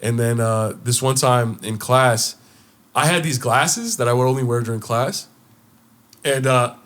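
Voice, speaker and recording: A young man co-hosting a casual podcast, telling a school story with lots of swearing and getting loud and excited. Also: mid-range voice, measured pace. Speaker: podcast co-host.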